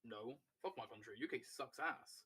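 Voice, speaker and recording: A man's voice: mid-range voice, normal speed, pushed and bright, slightly rough. A man from Wales bantering on a stream voice call, arguing and teasing with some swearing.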